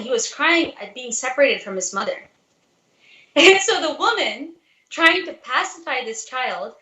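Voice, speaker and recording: A woman with a high, bright, forceful voice gives an earnest devotional talk, telling a story and using rhetorical questions to urge listeners on. The room is echoey and the recording rough.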